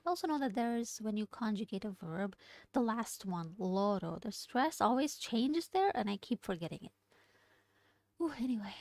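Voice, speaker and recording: A woman studying a language aloud, thinking out loud, hesitating and correcting herself as she works through exercises. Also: medium pitch, animated, normal speed, no room sound. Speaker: language learner streaming study session. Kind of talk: casual study-along lesson.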